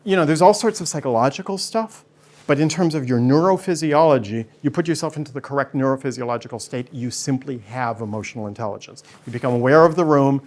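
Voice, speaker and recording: A man's voice: medium pitch, quick pace. A man speaking as a guest before a studio audience, telling stories with energy and acting out the people in them. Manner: energetic, acts out voices when telling stories. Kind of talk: animated storytelling talk.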